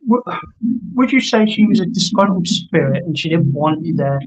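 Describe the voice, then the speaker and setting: A man's voice: fairly high pitch, expressive, normal speed. A man hosting a casual podcast interview, chatty and earnest as he tells stories. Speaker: podcast host. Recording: dull lo-fi remote audio.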